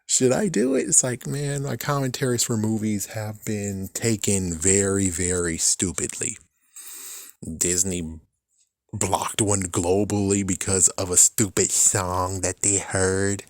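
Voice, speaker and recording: A young man with a fairly low voice rambles about a film in an animated, casual way, cursing freely and laughing at his own jokes. The sound is dry and close, with no room echo. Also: slow pace. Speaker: movie commentary vlogger. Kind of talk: casual rambling movie talk.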